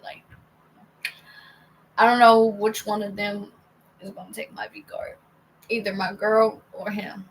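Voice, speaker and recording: A young woman telling a rambling personal story in a casual monologue, full of "like" and "bro" and often dropping to a hushed near-whisper. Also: mid-range voice, gravelly, a little hiss or hum, low-quality recording. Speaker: vlogger.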